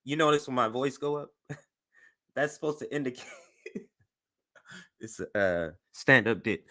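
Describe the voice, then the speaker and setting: A man hosting a show, giving animated political commentary as he reacts to news clips. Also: medium pitch, slow pace. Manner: animated and conversational, voice jumps up for emphasis.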